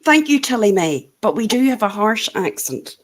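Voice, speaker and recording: A woman's voice: medium pitch, sing-song, normal speed. A chatty Northern Irish woman hosts a casual catch-up with friends. Her voice rises and falls a lot as she talks, and she laughs often. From Northern Ireland. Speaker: show host. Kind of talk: casual group chat.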